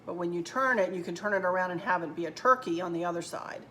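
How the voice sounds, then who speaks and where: She talks fast in a lowish, fairly bright voice, with slight background noise. The middle-aged woman hosts a home decor channel, chatting in a homey style from indoors and addressing viewers as y'all as she shows off fall decor and crafts.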